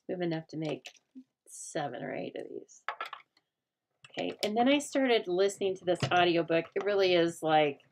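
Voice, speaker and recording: A middle-aged American woman hosting a casual crafting chat, talking aloud as she works and often dropping to a soft murmur. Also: on the low side, expressive, normal speed, long pauses, background noise. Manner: chatty, thinks aloud, drops to a soft murmur while working. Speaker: craft host.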